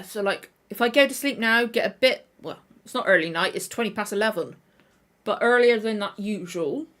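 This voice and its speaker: This reaction channel host has a mid-range, slightly bright voice. Tired and with a somewhat sore throat, she chats casually on a livestream, rambling and often correcting herself.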